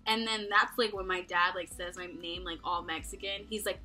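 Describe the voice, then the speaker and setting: A young woman from Texas rambles through a story to her camera, stuffing "like" into every phrase and breaking into giggles. Her voice is bright and sharp. Faint music plays behind her in a small dorm room. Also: mid-range voice, lively intonation, unhurried. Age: young adult. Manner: rambling, constant "like", profane, giggly. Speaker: vlogger.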